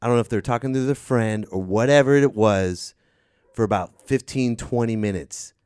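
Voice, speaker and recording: A man's voice: medium pitch, moderate pace, darkish tone, clear, resonant tone, no room sound, clean studio sound. A man hosting a casual podcast. He laughs often and tells stories with animation. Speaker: podcast host.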